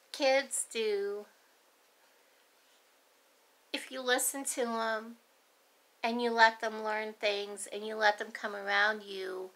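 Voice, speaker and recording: A middle-aged woman with a fairly high, bright voice and a gravelly fry, rambling through family stories. She speaks in a folksy, chatty way and wanders off on tangents. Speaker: grandmother vlogger. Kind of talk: rambling storytelling.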